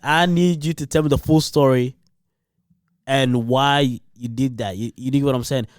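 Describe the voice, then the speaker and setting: A man's voice: medium pitch, fairly even intonation, normal speed, clean tone, dry recording, clean studio sound. A man co-hosting a podcast in casual chat, slangy, repeating himself and checking that others follow. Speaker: podcast co-host.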